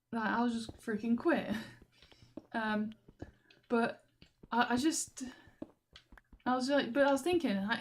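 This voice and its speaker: Young woman, vlogger, rambling and exasperated, slightly high voice, faint noise behind. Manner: rambling, exasperated, laughs often. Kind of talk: rambling video diary. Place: walking through a station.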